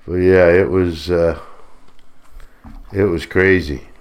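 A middle-aged man, a former player, reminiscing in casual podcast chat and trailing off quietly. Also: deep voice, fairly even intonation, takes it slowly.

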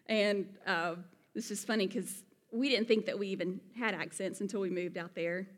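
A woman's voice: medium pitch, normal speed. Southern woman preaching in a reverberant hall. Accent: Southern US (Alabama). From Alabama, USA. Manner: earnest, conversational, folksy asides. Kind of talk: sermon.

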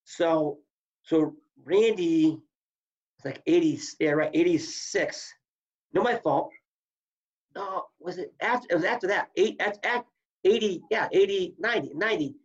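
An older man and former wrestler, telling stories in an animated way and acting out what others said. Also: high voice, unhurried, distant mic, dull audio. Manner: animated storyteller, acts out quotes. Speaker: former college wrestler, guest. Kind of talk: storytelling interview chat.

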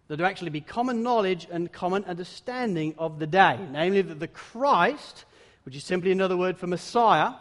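Guy preaching, highish voice, goes loud then hushed, big hall echo. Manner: dramatic, swings from loud exclamations to hushed emphasis. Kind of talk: sermon. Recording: long hall reverb.

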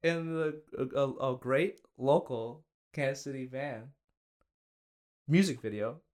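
A young man hosting a casual comedy podcast, rambling through halting restarts and trailing asides. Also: mid-range voice, darkish tone. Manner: rambling, halting restarts, trailing "you know what I'm saying". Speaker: podcast host.

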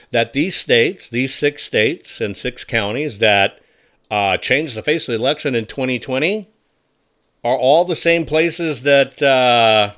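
A man's voice: fairly high pitch, a bit bright. A man ranting in political commentary, angry, sarcastic and crude.

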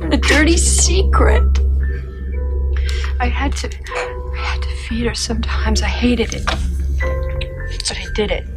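An actress playing a haunted woman confessing her sister's death, hushed and trembling, from a film clip. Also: a little high. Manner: hushed, trembling, rising to frantic cries. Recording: film clip with loud score.

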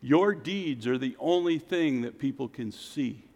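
A man preaching a sermon as pastor, swinging from loud exclamations to quiet, intense passages. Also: medium pitch, expressive, unhurried. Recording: long reverb of a church hall.

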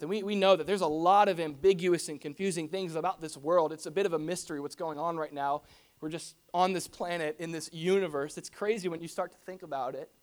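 In a church hall, a pastor delivers a conversational sermon to the congregation in a mid-range voice. He's animated, firing off rhetorical questions and casual asides.

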